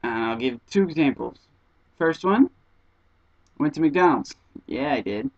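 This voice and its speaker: A young man, an exchange student, telling stories to the camera in an animated, casual vlog style, acting out conversations in high squeaky voices. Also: measured pace, no echo, lo-fi sound.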